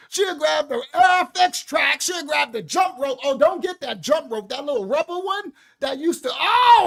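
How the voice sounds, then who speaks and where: A man preaching in a fiery, animated way, loud and slangy, often laughing. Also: very high voice, normal speed, gravelly, few pauses.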